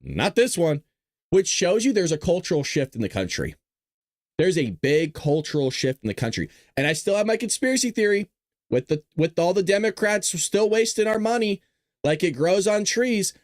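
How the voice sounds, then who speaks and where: A man's voice: fairly high pitch, dry recording, studio quality. A middle-aged man hosting a political talk show, talking casually with sarcastic, jokey asides.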